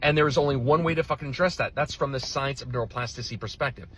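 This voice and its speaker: A man's voice: mid-range voice, very fast, a bit bright, slight background noise. A male relationship coach reacting to another video in a blunt, heated, profane rant. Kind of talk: reaction commentary.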